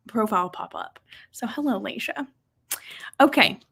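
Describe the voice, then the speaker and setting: A young woman hosting a casual livestream, reading viewer comments aloud and reacting brightly. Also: a little high, animated, measured pace, husky. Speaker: livestream host.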